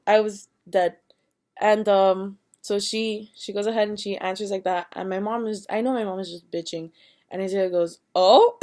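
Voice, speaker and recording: A woman's voice: medium pitch, darkish tone. A young woman in her early twenties telling a rambling storytime, swearing freely and acting out what everyone said. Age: young adult. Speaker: vlogger. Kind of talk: casual storytime.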